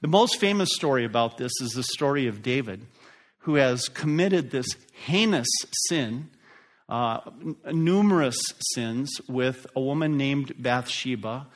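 A middle-aged pastor delivers his sermon at an unhurried, deliberate pace. His voice sits at an ordinary male pitch. He swells with force on the points he wants to land. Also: animated. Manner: slow, emphatic preaching that rises and drops in force.

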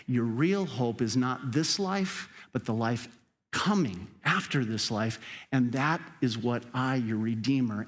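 A man preaching a sermon as a pastor, talking straight to the congregation and building to urgent emphatic peaks before dropping back down. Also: mid-range voice. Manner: conversational, speaks directly to the congregation.

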